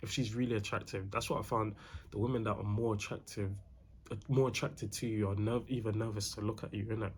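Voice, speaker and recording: Young guy, low-pitched, casual slangy advice host, faint room hiss behind. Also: steady tone, brisk, a little mellow. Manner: slangy, repeats himself, calls the viewer bro.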